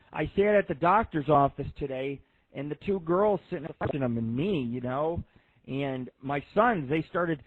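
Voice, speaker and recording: Male radio host, 30s, rambling and foul-mouthed, a bit high-pitched, dry tinny phone sound. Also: no echo. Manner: profane, rambling, storytelling. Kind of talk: casual rambling radio monologue.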